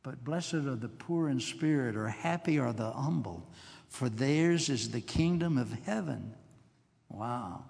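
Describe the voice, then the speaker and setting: An older man preaching a sermon in a conversational, musing way, with asides and soft chuckles. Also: mid-range voice, animated, unhurried, gravelly, big-room sound.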